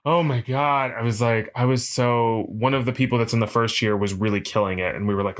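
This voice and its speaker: A man's voice: mid-range voice, brisk, few pauses. A man in his late thirties, a podcast co-host, telling a story in casual chat and acting out the voices of the people he quotes. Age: late 30s. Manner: animated storyteller, acts out quotes, many restarts. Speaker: podcast co-host, PhD student.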